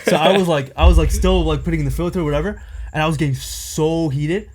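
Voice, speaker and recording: A man's voice: fairly high pitch, quick pace, darkish tone. A young man on a podcast telling a long personal story in casual chat, rambling and packed with filler words. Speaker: podcast co-host.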